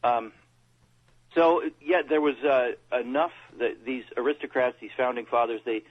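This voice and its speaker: A man co-hosting a casual talk radio discussion, who pauses and repeats words as he talks. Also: medium pitch. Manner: reads quotes aloud, pauses and repeats words. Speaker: co-host. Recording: dull lo-fi radio audio.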